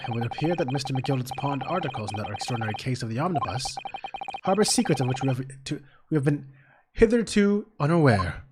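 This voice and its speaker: A man's voice: medium pitch, heavy background noise, close to an everyday voice. A man voicing a stately, exasperated older male judge in a courtroom game, pompous and formal.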